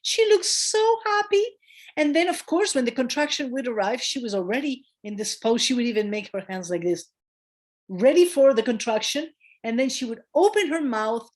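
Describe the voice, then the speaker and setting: A woman midwife, a guest in a conversational interview, telling a story with emphasis, acting out quoted voices and pausing on fillers. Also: a little high. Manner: animated storyteller who acts out quoted voices; warm and emphatic, with hesitant fillers.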